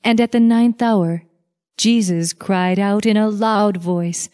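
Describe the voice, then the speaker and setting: Woman reading bible verses real slow, calm and measured, mid-pitched voice. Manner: measured, deliberate delivery. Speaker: scripture reader.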